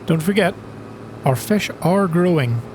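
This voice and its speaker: A man's voice: on the high side, expressive, unhurried, a little mellow, a little hiss or hum. A man hosting his own gaming channel, giving chatty, self-deprecating commentary while he plays and gasping with surprise at each new thing. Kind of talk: casual gameplay commentary.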